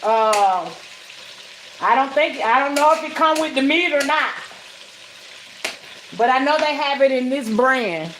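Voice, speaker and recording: Frying sizzles in an echoey home kitchen as a woman vlogs her cooking, speaking casually and with a salty tongue straight to her viewers. Her voice sits high and is animated, yet she speaks a little slowly with long pauses, over background noise.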